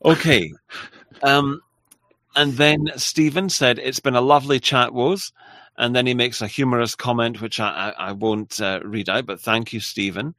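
A man hosting a casual livestream, reading viewer messages aloud in a halting, apologetic way. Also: mid-range voice, steady tone, sharp tone, no echo. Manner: halting and apologetic, with frequent restarts and laughs. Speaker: livestream host.

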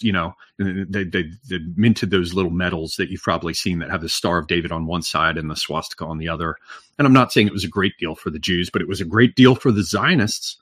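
A man's voice: low-pitched, fairly bright tone, breathy edge, no echo, clean studio sound. A man talking at length as a podcast guest, rambling with lots of fillers and restarts and casual swearing. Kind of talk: long-winded conversational monologue.

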